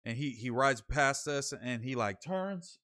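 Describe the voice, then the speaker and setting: A man's voice: medium pitch, animated, a little slow, a bit bright. A young man from Sacramento hosting his own livestream, reading viewer comments and telling rambling, slangy stories full of fillers. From Sacramento, California. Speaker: streamer hosting a late show.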